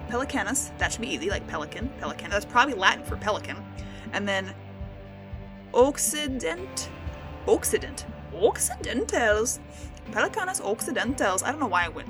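A young American woman hosting a casual solo podcast, playful and self-mocking as she stumbles over words. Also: high voice. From United States. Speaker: podcast host.

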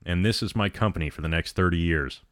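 A man's voice: deep voice, quick pace, no echo, studio quality, close to an everyday voice. A man voicing a lonely male prisoner who pleads desperately, his voice rising as he talks.

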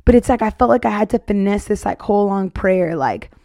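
A young woman in her twenties speaks her testimony in a loose, heartfelt ramble, full of fillers. Her voice is mellow and relaxed, and the recording is close and dry. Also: medium pitch, fairly quick, creaky, dry recording. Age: 20s. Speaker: podcast host. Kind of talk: casual faith testimony.

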